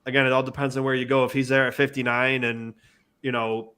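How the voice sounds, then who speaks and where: Flat-voiced rambling male podcast panelist. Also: mid-range voice, quick pace. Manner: rambling, repeats himself. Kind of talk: casual sports chat.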